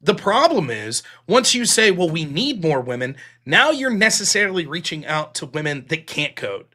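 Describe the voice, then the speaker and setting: A man's voice: on the high side, sing-song, moderate pace, pushed and bright. A man hosting a political call-in show, talking casually and profanely, rambling through stories as he retells what others told him.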